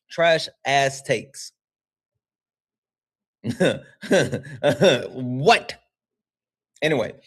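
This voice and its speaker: A man hosting his own livestream, chatting loosely with viewers. He swears freely and breaks into laughter often. His voice sits at a middle pitch. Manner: profane, animated, laughing often. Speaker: livestream host. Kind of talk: casual livestream chat.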